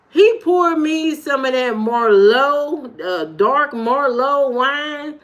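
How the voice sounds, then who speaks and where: A woman from Indiana with an Indiana accent, chatting casually on a livestream and telling stories with animated jumps in her voice; her high voice can sound youthful. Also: takes it slowly, hardly any pauses. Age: adult. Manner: animated storytelling, jumps high when retelling. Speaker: livestream host. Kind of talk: casual livestream chat reading comments.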